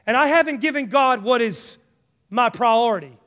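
A man preaching a sermon, conversational and animated, mixing jokes and acted asides into his points. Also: very high voice, normal speed. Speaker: pastor. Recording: hall reverb.

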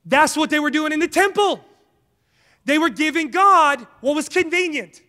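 A man preaching a sermon, conversational and animated, mixing jokes and acted asides into his points. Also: extremely high pitch, normal speed. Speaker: pastor. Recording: hall reverb.

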